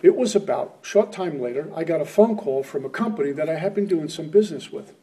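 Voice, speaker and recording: A middle-aged man shares his story at a recovery meeting in an earnest, conversational way. His voice is very mellow and soft-edged, sitting a little high for a man. He sounds set back from the microphone. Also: lively intonation, a little fast, recorded from a distance. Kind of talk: personal testimony talk.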